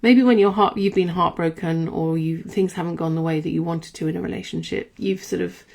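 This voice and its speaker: Woman podcast host, rambling reflective musing, low voice, gravelly. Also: steady tone, brisk, darkish tone. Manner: rambling, musing, self-correcting. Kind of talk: reflective casual monologue.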